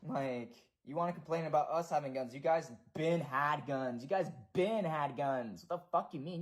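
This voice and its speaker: A man's voice: a little high, normal speed, hardly any pauses. A young American man ranting profanely and repetitively in a casual livestream.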